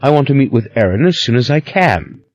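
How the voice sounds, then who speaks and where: A man's voice: mid-range voice, very animated, brisk, dull audio, pitched above the performer's own voice, close to an everyday voice. A man reading an audiobook, voicing a blunt, defiant man who refuses to back down. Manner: terse, defiant. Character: blunt, defiant man, a former order member.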